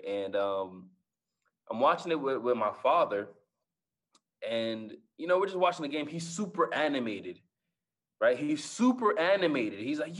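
A man's voice: medium pitch, fairly bright tone. A man in his twenties, a guest speaker telling motivational stories with lots of energy. He repeats his phrases and keeps asking the audience "right?". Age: 20s. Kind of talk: motivational storytelling.

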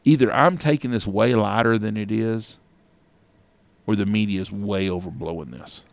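A man's voice: on the low side, normal speed, creaky, dry recording. A middle-aged man, a podcast co-host, rambling through stories in casual chat and swearing freely.

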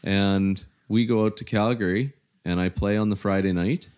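A middle-aged man from Canada, telling his story in casual, halting conversation, full of "you know" fillers. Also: lowish voice, fairly even intonation, a little mellow, clear, resonant tone.

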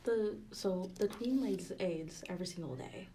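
A young woman co-hosting a podcast in casual chat, talking softly and half-whispering in a library, with frequent giggles. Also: medium pitch, normal speed, slight background noise. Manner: hushed, near-whispering, giggly. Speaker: podcast co-host.

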